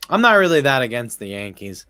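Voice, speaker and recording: A man's voice: mid-range voice, sing-song, fairly quick, sharp tone, slight background noise. A man streaming casual live baseball commentary, rambling, swearing often and laughing as he talks. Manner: rambling, profane, laughs while talking. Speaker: sports streamer.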